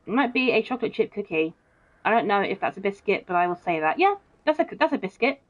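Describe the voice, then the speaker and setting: Very animated and quick, a young gaming streamer with a mid-range voice reads viewer comments and chats casually. She's blunt, swears freely and keeps saying "bro," all in muffled, dull stream audio.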